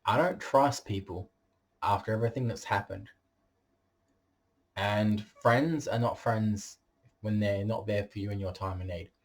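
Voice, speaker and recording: A man's voice: fairly low pitch, measured pace, long pauses. A man talking straight to camera in a vlog monologue, blunt and boastful and swearing freely. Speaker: vlogger.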